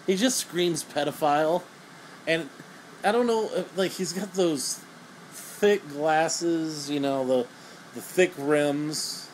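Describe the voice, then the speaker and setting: A man's voice: fairly high pitch, a little hiss or hum, poor audio. A young man giving a crude, sarcastic, rambling comedic movie review.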